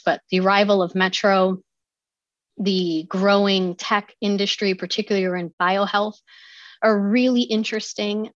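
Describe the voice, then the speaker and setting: A woman's voice: medium pitch, dry recording, lo-fi sound. Midwestern woman from Ohio, interview guest, upbeat and promotional, dry close sound. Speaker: guest, county economic development official. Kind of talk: interview answers.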